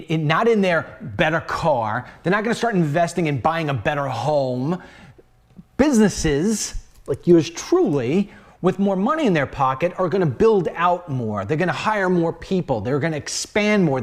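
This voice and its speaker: A man hosting his own online show, delivering an emphatic, heated political commentary monologue and repeating phrases for emphasis. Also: fairly high pitch.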